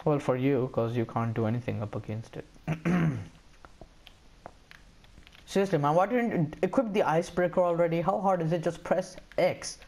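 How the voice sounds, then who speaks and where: Young guy gaming on a headset, kinda high voice, teasing and swearing at his buddy. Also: moderate pace, vocal fry, a little mellow, a little hiss or hum. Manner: teasing trash talk, cursing. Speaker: gamer. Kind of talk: casual gaming chat.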